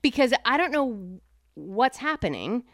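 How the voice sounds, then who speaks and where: A woman in her thirties co-hosting a podcast, chatting casually and getting emotional with quick asides. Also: a little high, sing-song, a bit bright, no echo, studio quality. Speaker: podcast co-host. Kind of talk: casual chat.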